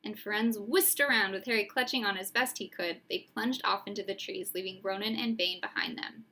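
A woman narrating a storybook aloud in a steady, expressive way. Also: mid-range voice, a little fast. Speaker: reader.

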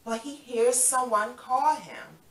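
A woman's voice: a little high, takes it slowly, a bit bright. A woman leading young children through a Bible story, coaxing and playful as she acts it out. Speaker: children's Sabbath School teacher. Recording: echoey room from far off.

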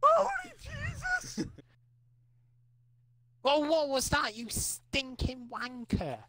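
Sweary excitable young man. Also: very high-pitched, takes it slowly, slight background noise. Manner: excitable, sweary, yelling and laughing. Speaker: online game player. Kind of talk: rowdy gaming banter.

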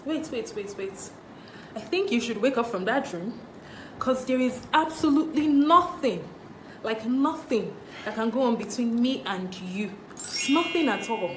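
Exasperated young woman, lively pitch. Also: unhurried. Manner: dismissive, exasperated. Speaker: comedy skit actress. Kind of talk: comedy skit. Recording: echoey room with faint hiss.

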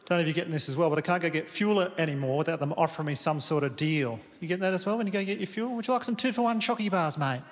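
A man with an Australian accent delivers a stand-up set in a slightly higher than usual voice, laconic and deadpan, swearing freely. His stage mic carries a long hall reverb, and audience noise sits clearly behind him. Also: racing, hardly any pauses. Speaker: stand-up comedian. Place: large theatre stage. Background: audience laughter.

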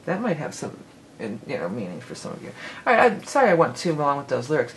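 A woman's voice: deep voice, very animated, fairly quick, slight background noise, low-quality recording. A woman giving a casual tarot forecast, rambling and correcting herself as she goes, with the odd laugh. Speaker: tarot reader.

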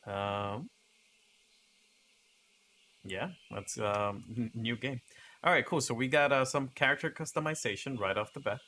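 A man's voice: mid-range voice, measured pace, long pauses, sharp tone, a little hiss or hum. A man giving casual gameplay commentary and reading game text aloud with chatty asides. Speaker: gaming video creator.

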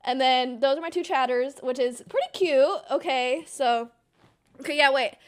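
Young woman, livestream chat, high voice, excitable, giggly, squealing, swears a lot. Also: moderate pace. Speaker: streamer. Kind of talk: casual livestream chat, reacting to an old clip.

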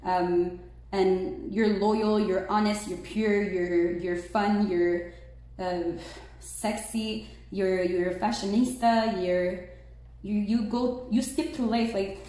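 A woman giving a casual tarot reading, chatty and excitable, peppering her talk with "like" and "right?". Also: mid-range voice, takes it slowly. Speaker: tarot reader. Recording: very echoey room.

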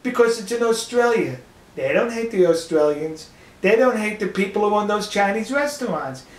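An older man hosting an opinion monologue, scornful and mocking, slowing down to stress his points. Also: high voice, animated, echoey room. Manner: scornful, mocking, slow emphatic delivery. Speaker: commentary video host.

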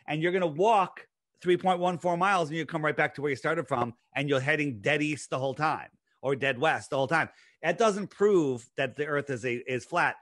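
A man's voice: fairly high pitch, fairly bright tone. A man talking casually as a podcast guest, explaining his ideas at length in a lecturing way, with many restarts.

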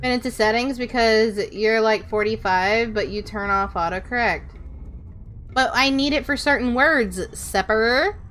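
A woman's voice: fairly high pitch, unhurried, a bit bright, soft background music. A woman VTuber streaming a game, chatting casually with her chat, answering questions and swearing offhand. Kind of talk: casual livestream chat while gaming.

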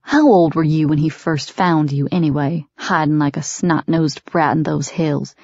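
A woman with a deep, slightly mellow voice reads at normal speed as an audiobook villain, a fanatical and contemptuous middle-aged father who sneers and threatens. The mood is menacing, and the recording is dry, dull and lo-fi.

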